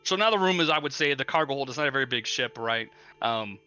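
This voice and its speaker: A man's voice: mid-range voice, lively intonation, fast talker, pushed and bright, smooth, dull audio, faint music behind. A man narrating as game master of a tabletop game in a casual, filler-heavy way.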